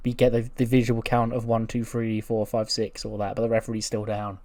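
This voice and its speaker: A man's voice: on the low side, completely flat delivery, a little fast, a little mellow. Man narrating a wrestling sim, loose and chatty. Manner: loose, chatty, mildly profane. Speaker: game channel host. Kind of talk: casual let's-play narration.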